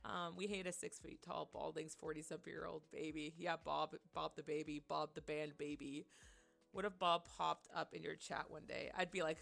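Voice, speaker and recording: A woman's voice: medium pitch, a little slow, creaky, pushed and bright, soft background music. A young woman streamer telling a story in casual chat, giggling often and using lots of filler words.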